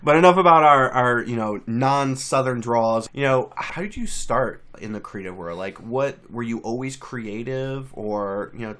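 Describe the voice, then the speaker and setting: A man's voice: medium pitch, measured pace, few pauses, fairly bright tone. Male interview host, mid voice, casual and friendly, talks in loose restarts. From Southeast Georgia. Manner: friendly, rambling, many restarts.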